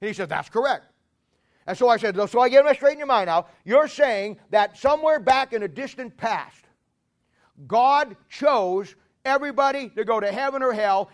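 A man preaching a sermon in a folksy, emphatic way, joking with the congregation and rising to shouts. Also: high voice. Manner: jokes with the congregation.

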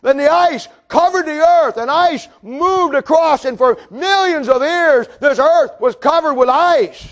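A man with a very high voice preaches with mocking, sarcastic asides. He swings into fervent shouting at the congregation. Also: measured pace, hardly any pauses, dull audio. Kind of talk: sermon.

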